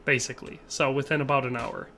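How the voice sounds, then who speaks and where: A man's voice: medium pitch, fairly even intonation, fast talker, pushed and bright, slight background noise. A man from Wisconsin, chatting casually with his viewers while he plays a game on a live stream. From Wisconsin, USA. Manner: chatty, reads viewer chat aloud and answers it.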